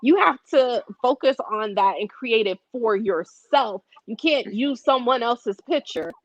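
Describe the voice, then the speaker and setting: A woman joining a book club talk as a guest, speaking in a thoughtful, measured way. Her voice is dry and close, and it comes through a somewhat dull, lo-fi connection. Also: a little high, expressive, dry recording. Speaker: guest, discussion participant. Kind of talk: casual discussion.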